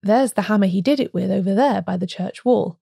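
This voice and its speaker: A woman reading as a calm, sensible police inspector who speaks matter-of-factly. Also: mid-range voice, brisk, creaky, husky, no room sound, clean studio sound. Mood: firm.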